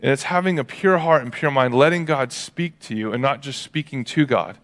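A male pastor preaching a sermon in a relaxed, conversational way, acting out quotes as he tells stories. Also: mid-range voice, normal speed. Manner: conversational, animated storytelling with acted-out quotes.

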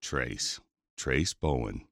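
A flirty, deep-voiced cowboy. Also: male voice, animated, very slow, vocal fry, a bit bright, no room sound, studio quality, full character voice. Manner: folksy, teasing cowboy talk. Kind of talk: audio drama acting.

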